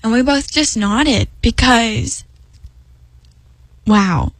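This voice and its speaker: A woman's voice: on the high side, extremely slow, no echo, poor audio. A young woman speaking earnestly about faith in a personal devotional talk, emphatic and rambling with restarts. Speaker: Christian speaker.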